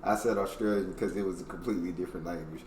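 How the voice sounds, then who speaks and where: A man from the United States hosting a reaction video in a laid-back, slangy chat, laughing loudly. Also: sits low, steady tone, rapid-fire, roomy sound, distant mic, a little hiss or hum. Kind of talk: casual chat.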